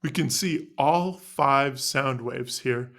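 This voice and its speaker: A man teaching a band lesson, explaining in a clear instructional way and sounding out syllables to demonstrate articulation. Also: medium pitch, slow, fairly bright tone.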